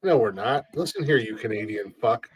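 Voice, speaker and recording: A man's voice: fairly low pitch, lively intonation, brisk, breathy edge, no room sound. Brash American male podcast host, profane mock-outrage jokester, dry close-miked voice. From United States. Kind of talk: casual comedic banter.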